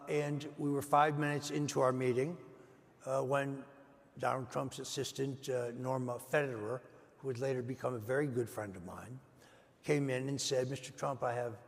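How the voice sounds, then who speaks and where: An older man as an interview guest, telling a long story at a measured pace with frequent "uh" fillers. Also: medium pitch, vocal fry. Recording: reverberant hall.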